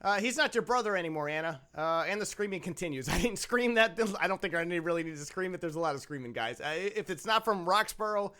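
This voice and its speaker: A man's voice: high-pitched, expressive, quick pace, hardly any pauses, sharp tone. A man hosting a podcast, giving snarky movie commentary and laughing often. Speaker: podcast host.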